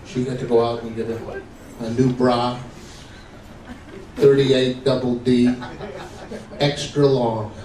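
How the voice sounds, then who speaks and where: A man's voice: medium pitch, level tone, takes it slowly, long pauses. A man doing standup comedy, telling jokes in a chatty, old-school storytelling way. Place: performance night venue. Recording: roomy, distant mic, noisy.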